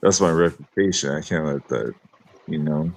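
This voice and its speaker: A man's voice: extremely low pitch, moderate pace, creaky, darkish tone. A man on a live stream panel, joking in a laid-back way. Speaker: panel guest. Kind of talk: casual chat.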